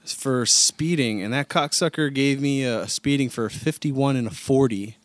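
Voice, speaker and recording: A man's voice: medium pitch, measured pace, background noise. A man co-hosting a podcast, telling stories in laid-back, profane banter. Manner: laid-back storytelling, swears freely. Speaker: podcast co-host.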